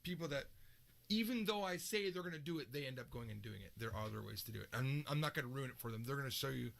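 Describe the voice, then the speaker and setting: Give me a male language teacher with a gravelly, bright voice who explains with joking examples. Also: medium pitch, animated, fast talker. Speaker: Japanese teacher. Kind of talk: recorded video lesson.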